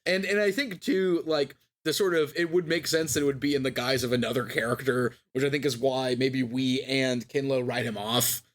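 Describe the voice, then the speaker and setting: A man's voice: medium pitch, fairly even intonation, normal speed, hardly any pauses. A man co-hosting a book podcast, retelling scenes in casual chat and laughing often. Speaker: podcast co-host.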